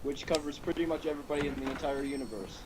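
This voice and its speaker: A man's voice: mid-range voice, very fast, a little hiss or hum, rough recording. A young man co-commenting on a friend's game, rambling and self-deprecating, with hesitant restarts. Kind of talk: casual chat.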